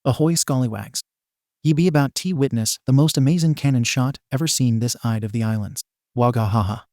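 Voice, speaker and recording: A swaggering, loud-mouthed young pirate hero from a comedy fan story, all bluster and boasting, as a male narrator puts him on. His voice sits at an average pitch and the recording is dry and close, with no room sound. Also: brisk, no echo, natural voice. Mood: boastful. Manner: swaggering pirate talk with lower, quieter voice. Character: boisterous young male pirate-themed hero, brash braggart.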